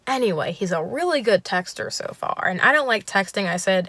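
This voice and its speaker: A woman tells a dating story with lots of comic drama, her pitch swinging widely. The sound is dry and close. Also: expressive, fairly quick, hardly any pauses, fairly bright tone, no echo. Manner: comic, dramatic, acts out voices. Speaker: YouTuber telling a story. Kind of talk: storytime vlog.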